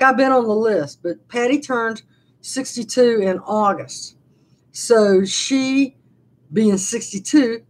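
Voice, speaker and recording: A vlogger in her sixties chats casually on a live stream from her living room, her voice husky and medium in pitch. She tells rambling stories, restarting them often.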